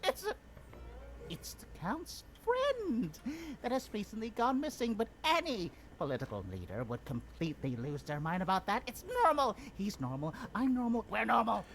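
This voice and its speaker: A woman's voice: big pitch swings, moderate pace, a little hiss or hum. An actress playing a sarcastic female retainer in a video game, mocking her lord with dry irony. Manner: dry sarcasm, exaggerated swings in pitch. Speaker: game character.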